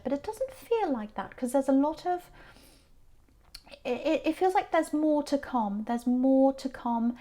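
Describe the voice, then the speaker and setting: Mellow-voiced woman reading tarot. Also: high-pitched. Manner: rambling, repeats phrases, soft asides. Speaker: tarot reader. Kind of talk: casual tarot reading monologue.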